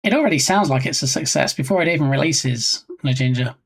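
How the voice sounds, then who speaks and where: A man's voice: a little high, quick pace, gravelly. A British man chatting casually on a live stream, reading chat messages aloud and reacting.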